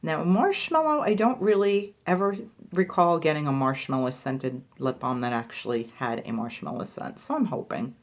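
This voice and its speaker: A woman's voice: sits low, normal speed, few pauses. A woman talking casually to camera as she tries and reviews lip balms, thinking aloud and poking fun at herself. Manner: chatty, thinking aloud, self-deprecating. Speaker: beauty reviewer. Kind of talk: product review vlog.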